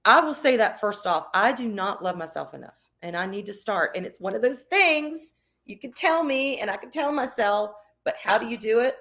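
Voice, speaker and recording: An expressive woman chats on her livestream, candid and emphatic, mixing blunt swearing with warm reassurance. Her delivery swings between punchy emphasis and quieter, reflective stretches. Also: fairly high pitch, moderate pace. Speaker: streamer reading chat. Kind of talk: casual livestream chat.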